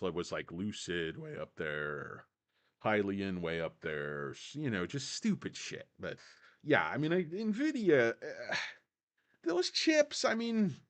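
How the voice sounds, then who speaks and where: A man hosting a casual stock market video, rambling with many fillers and talking straight to his viewers. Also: mid-range voice. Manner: rambling, full of fillers, keeps addressing "guys". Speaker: stock channel host.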